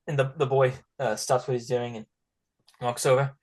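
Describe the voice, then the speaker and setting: A man's voice: medium pitch, level tone, moderate pace, darkish tone. A man narrating as dungeon master in a casual way, with fillers and laughs. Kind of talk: narrating a tabletop game.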